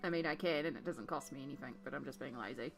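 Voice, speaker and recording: A woman's voice: rumbling low, fast talker, creaky, faint music behind. A woman chatting casually on a live art stream as she paints, upbeat and talkative as she answers her chat.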